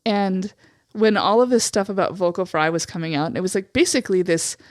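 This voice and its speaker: Young woman with vocal fry, blunt and casual. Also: medium pitch, a little fast, no echo, studio quality. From Eastern Montana, USA. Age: young adult. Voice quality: vocal fry, slightly raspy. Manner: candid, frequent "like" fillers, swears freely. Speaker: podcast co-host. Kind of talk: casual chat.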